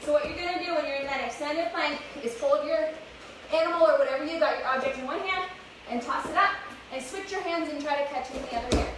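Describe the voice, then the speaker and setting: A woman's voice: high voice, fast. A young woman leading a live kids' workout class, encouraging and a little out of breath. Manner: upbeat coaching, encouraging. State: slightly out of breath. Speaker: fitness instructor. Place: outdoors, open space. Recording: echoey, distant with background noise.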